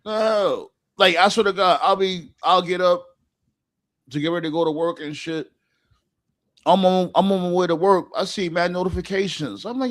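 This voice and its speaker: A man's voice: a little high, moderate pace. A man co-hosting a casual podcast, ranting profanely with heavy slang. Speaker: podcast co-host. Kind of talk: casual chat.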